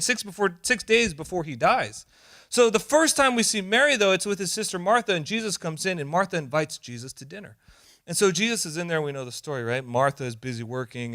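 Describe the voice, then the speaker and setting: Bright, animated man preaching a sermon. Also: fairly high pitch. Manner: animated, acts out quoted voices, rising to emphatic peaks. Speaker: pastor.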